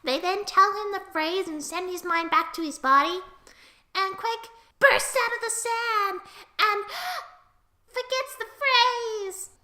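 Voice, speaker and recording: A young storyteller rambles through a tabletop game recap with loose, giggly energy. The voice sits very high and sounds bright. It is casual, unscripted storytelling. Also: unhurried.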